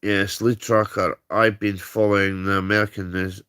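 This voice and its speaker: A man's voice: lowish voice, flat delivery, moderate pace, fairly bright tone, smooth. A British man ranting on a livestream, heated and swearing, tagging his points with "right?". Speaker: streamer. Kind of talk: angry livestream rant.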